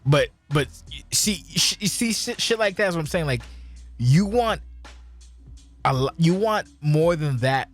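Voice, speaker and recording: A man's voice: fairly high pitch, measured pace, faint music behind. A man hosting a podcast, talking casually in a rambling, profane way and sounding tipsy. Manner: rambling, profane, animated storytelling. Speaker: podcast host. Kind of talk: casual chat.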